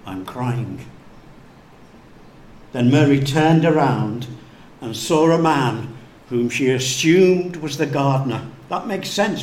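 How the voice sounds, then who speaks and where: A male pastor preaching a sermon slowly and deliberately, dropping to hushed tones for emphasis. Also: fairly high pitch. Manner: slow, deliberate preaching with hushed dramatic drops. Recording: echoey room with faint background noise.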